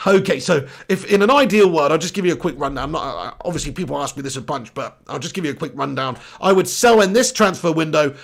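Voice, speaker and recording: A man's voice: fairly high pitch, expressive, fast talker, creaky, hardly any pauses. A young English man hosting a live football stream, reading viewer comments in a blunt, casual way and swearing freely. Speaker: football channel host.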